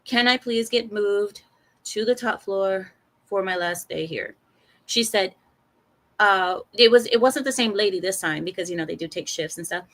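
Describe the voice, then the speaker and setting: Young adult woman, storytime vlogger; expressive and animated, does the other characters' lines in quick quoted voices; middle-pitched voice. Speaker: vlogger telling a personal story.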